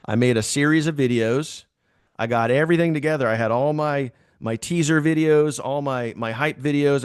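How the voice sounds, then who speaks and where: A man telling a casual story to his team, animated and repeating phrases for emphasis. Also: medium pitch, no echo, clean studio sound.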